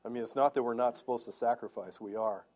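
A man's voice: medium pitch, fairly even intonation, quick pace, a little mellow. A male pastor preaching in church, earnest and conversational, asking the congregation questions as he goes. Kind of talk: sermon.

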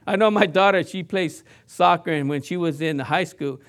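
A man's voice: a little high, moderate pace, a bit bright. A man preaching a sermon in a conversational way, asking the congregation questions and mimicking sounds to make his points. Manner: playfully mimics sounds and voices to illustrate points. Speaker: pastor.

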